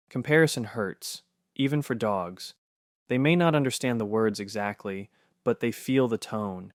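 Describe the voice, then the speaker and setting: A man reading a scripted narration in a soft, steady, reassuring way. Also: lowish voice, unhurried, no room sound, studio quality.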